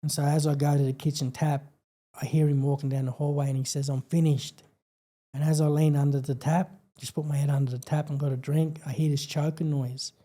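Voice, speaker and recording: Australian man, guest, very dark and flat-toned, earnest halting storyteller. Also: a little high. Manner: halting, earnest, many fillers and restarts. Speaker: podcast guest. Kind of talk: personal storytelling in an interview.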